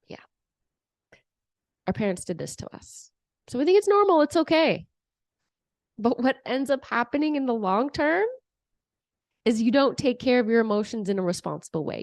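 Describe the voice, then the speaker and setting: A woman's voice: on the high side, dry recording, studio quality. A young adult woman coaching on emotions, giving advice straight to the viewer and acting out examples. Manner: acts out parent voices in examples, animated. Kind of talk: advice talk to camera.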